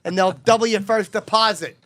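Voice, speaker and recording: A man playing a crude, blustering man-child host with a high, reedy voice. He mumbles his way through sponsor reads and jokes in a brash, careless manner. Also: fairly quick, fairly bright tone. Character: Chip Chipperson, crude dim-witted man-child host. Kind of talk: comedic podcast character.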